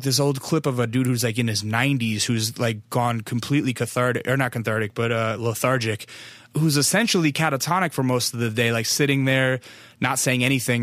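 Casual American male podcast host, young, rambling and profane, mid-pitched, dry close mic. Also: a bit bright, no echo. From United States. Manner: rambling, loose and profane, lots of fillers.

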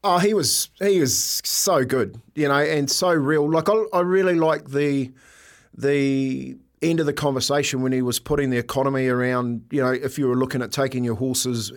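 An older man co-hosting a breakfast radio show. He rambles through a story with lots of "you know" and asides. His voice sits at an ordinary middle pitch. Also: moderate pace. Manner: animated storytelling, many fillers and asides. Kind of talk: casual radio chat.

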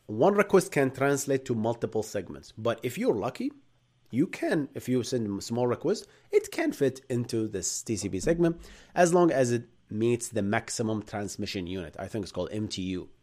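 Animated man with an arab accent. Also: moderate pace. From Bahrain. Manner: animated, jumps between loud bursts and low asides. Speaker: live stream host. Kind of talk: live-streamed tech lecture with chat replies.

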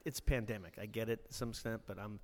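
A man's voice: lowish voice, steady tone, fast talker, long reverb tail. A man hosting a casual podcast chat, rambling and swearing freely.

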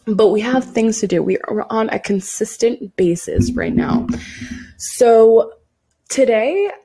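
A woman in her twenties hosting a casual solo podcast, hoarse and raspy from losing her voice, talking bluntly and swearing freely. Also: on the high side, takes it slowly, mellow. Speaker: podcast host.

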